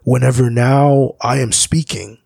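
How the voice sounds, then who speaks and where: Gravelly-voiced man musing slowly. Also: mid-range voice, fairly even intonation, a little mellow, no echo. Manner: slow, searching, philosophical, often restarts. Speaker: musician guest. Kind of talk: reflective conversation.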